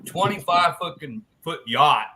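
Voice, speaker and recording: A man hosting a live chat stream, telling long crude jokes in a loose, animated way. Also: on the high side, unhurried, crowd noise. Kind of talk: joke telling in casual chat.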